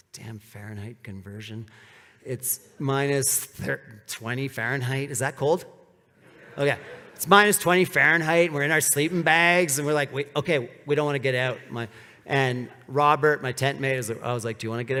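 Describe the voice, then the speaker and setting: A man's voice: mid-range voice, fairly bright tone. A man talks to a live audience at a speaker event, his voice sitting in a middle register. He rambles casually, leans on "like," and slips into quoted lines from the story. The sound rings with the long reverb of a large hall. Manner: casual, rambling, fillers like "like", acts out quoted dialogue. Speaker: presenter at a speaker series.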